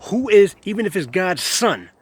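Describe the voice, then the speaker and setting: A man's voice: high voice, very animated, moderate pace, husky, dry recording. A man, delivering a scornful, repetitive monologue to camera. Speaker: vlogger.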